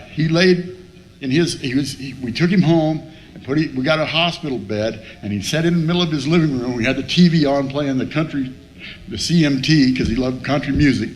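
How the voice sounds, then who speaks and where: A man telling a blunt, profane story at a recovery meeting and acting out both sides of the talk. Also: on the high side. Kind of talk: storytelling share with humor.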